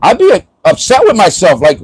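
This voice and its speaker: High-voiced joking man streaming live. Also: huge pitch swings, normal speed, breathy edge, rough recording. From Florida. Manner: joking, rambling, laughs often. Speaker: livestreamer. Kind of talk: casual livestream chat.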